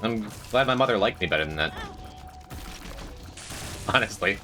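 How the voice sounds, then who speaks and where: A young man streams a game and keeps up a running, joking chat with his viewers. His voice is bright and lower-pitched, and it swings up and down a lot as he talks. Some music plays faintly in the background. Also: expressive, normal speed. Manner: chatty, joking, reads and answers chat while playing. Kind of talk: casual gameplay commentary chatting with chat.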